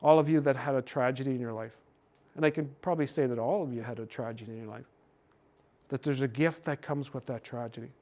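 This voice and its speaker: An older Canadian man giving a gentle, folksy storytelling talk to a hockey team. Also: mid-range voice, quick pace. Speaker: speaker on cultural mindfulness.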